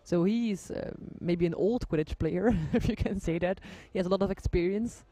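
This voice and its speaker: A woman's voice: fairly low pitch, moderate pace, mellow. Giggly woman commentating a live match. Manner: giggly, friendly, self-correcting. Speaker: sports commentator and player.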